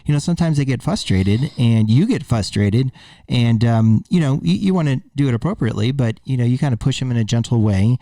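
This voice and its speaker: Relaxed chatty man, dark voice. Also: medium pitch, brisk, no echo. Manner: relaxed, chatty, lots of fillers. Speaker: podcast host, surgeon. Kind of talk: casual chat.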